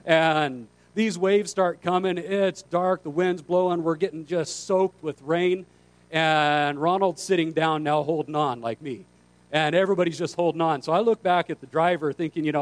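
A man's voice: fairly high pitch, moderate pace, dry recording. A man, a pastor telling a story in a sermon and acting out the voices of the people in it. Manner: animated storyteller, acts out quoted dialogue.

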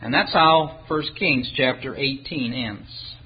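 A man's voice: mid-range voice, slow, slightly rough, muffled recording. A man preaching a sermon, retelling a scripture story, reading the old-fashioned verses aloud and acting out the characters' lines. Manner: animated, acts out the characters' lines; reads the King James wording aloud.

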